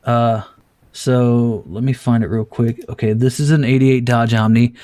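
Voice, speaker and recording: A male podcast host in casual chat, swearing freely and telling a lively story. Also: medium pitch, unhurried, no echo. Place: at a desk, showing pictures to a guest.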